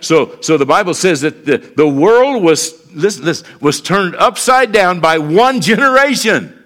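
Man preaching, middle-aged, high bright voice, folksy and repetitive. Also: animated, a little slow. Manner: folksy preaching with repeated phrases and asides. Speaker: pastor. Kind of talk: sermon.

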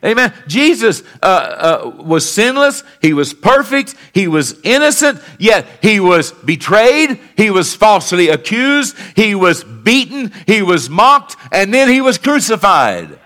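A male pastor preaching a sermon, calling out to the congregation for responses and swinging between fervent peaks and quiet lows. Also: very animated, unhurried, few pauses. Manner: rises to fervent emphatic peaks, then drops low and quiet.

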